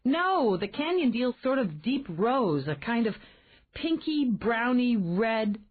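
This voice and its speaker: A woman voicing an outspoken, flustered young woman who talks in quick, exclamatory bursts. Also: a little high, breathy edge, voice pushed up, heavily acted. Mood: animated. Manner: exclamatory, animated. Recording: tinny phone-like band.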